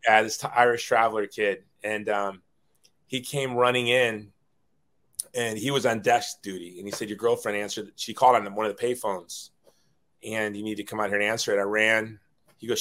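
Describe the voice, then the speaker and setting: A middle-aged man with a fairly low voice recounts his own past as an interview guest. He talks earnestly and rambles a little, doubling words when the story moves him. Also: fairly bright tone.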